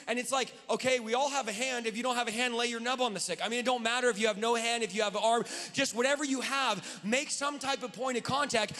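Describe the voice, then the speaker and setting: A man preaching a sermon from the pulpit in a church, fervent and often shouting. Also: extremely high pitch. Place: church sanctuary. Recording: long hall reverb.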